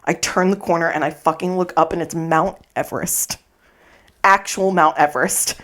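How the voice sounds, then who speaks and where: A woman co-hosting a podcast, telling a funny story in casual chat, animated, swearing freely and acting out her own lines. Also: lowish voice, normal speed. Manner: animated, swearing, acts out her own quotes, laughs often. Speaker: podcast co-host. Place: podcast recording space.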